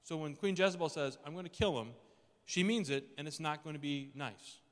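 A man's voice: on the high side, fairly quick. Man preaching a sermon in a reverberant hall. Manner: conversational preaching, dramatizes quotes. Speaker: pastor.

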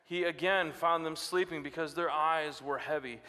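A man preaching from the pulpit in a high, ringing voice. He reads scripture with rising drama and then drops low for personal asides. The sound carries a long hall reverb. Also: moderate pace, bright, forceful tone. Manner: dramatic, rises sharply when quoting scripture. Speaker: pastor. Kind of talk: sermon.

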